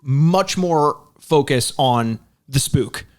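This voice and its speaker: A man's voice: mid-range voice, animated, slow. Rambling man hosting a podcast. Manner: rambling storyteller with stammered restarts. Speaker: podcast host. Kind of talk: casual chat.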